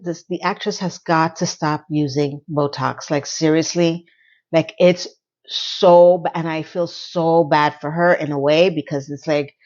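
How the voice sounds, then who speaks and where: Blunt, animated woman recapping a show. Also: lowish voice, dull audio. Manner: animated, blunt, swears casually. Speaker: TV recap vlogger.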